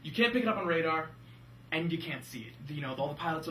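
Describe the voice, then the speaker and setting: Give me an animated young man reviewing old films, recorded from a distance in an echoey room. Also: on the high side, fast talker, a little hiss or hum. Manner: animated, jokey, slips into silly voices. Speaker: film review podcast co-host. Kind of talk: casual movie-review chat.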